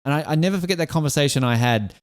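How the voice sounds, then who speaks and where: A man's voice: on the high side, rapid-fire. An Australian man hosting a podcast, chatting casually and with enthusiasm, getting emotional and restarting his sentences often. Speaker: podcast host.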